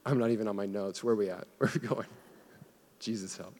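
A man's voice: fairly low pitch, fairly even intonation, fast, a little mellow, slight background noise. A young man preaching a sermon, casual and conversational, calling on the congregation to answer back. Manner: casual, conversational preaching with audience call-and-response. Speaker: pastor. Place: church auditorium. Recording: long hall reverb.

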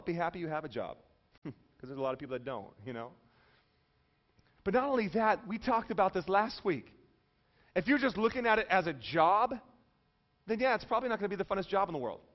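A man's voice: high voice, expressive, fairly quick, long pauses, muffled recording. A man preaching a sermon in a conversational, jokey way, often checking in with the audience. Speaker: pastor.

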